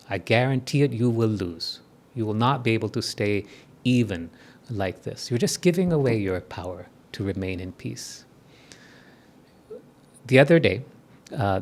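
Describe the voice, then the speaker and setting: A man in his fifties giving a spiritual talk to a live audience, conversational and often checking in with listeners through quick tag questions. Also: mid-range voice. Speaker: spiritual speaker.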